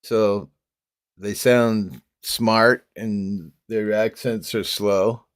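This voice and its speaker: A man's voice: on the low side, fairly even intonation, extremely slow, clean tone, dry recording, clean studio sound. A man with toothless, gummy speech, chatting casually on a livestream, laughing often and reading comments aloud. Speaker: livestream host reading chat.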